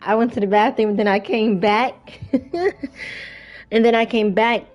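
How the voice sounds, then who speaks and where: A woman's voice: a little high, steady tone, unhurried, soft background music. A young woman vlogger casually telling a rambling story from her workday, full of fillers and restarts. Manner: chatty, rambling, frequent fillers. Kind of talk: casual storytime while playing a game.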